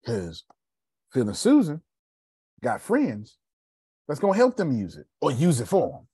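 A man hosting a live video show, talking casually with animated, preachy energy. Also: mid-range voice, unhurried, husky, dry recording, studio quality. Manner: animated and preachy, with Southern Black American slang. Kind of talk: casual live-stream talk.

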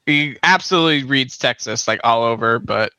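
A man's voice: mid-range voice, normal speed, bright, forceful tone, clear, resonant tone, dry recording. A man co-hosting a podcast, teasing his friends and laughing a lot while they watch wrestling. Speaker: podcast co-host. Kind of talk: casual watch-along chat.

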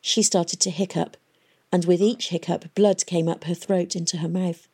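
A woman reading an audiobook in a measured, even storytelling manner. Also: lowish voice, breathy edge. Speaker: audiobook narrator. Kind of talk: scripted audiobook narration.

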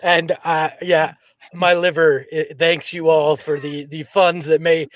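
Male podcast co-host, high voice, fired-up and jokey, dry close mic. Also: flat delivery, unhurried, no room sound. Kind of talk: casual fan podcast chat.

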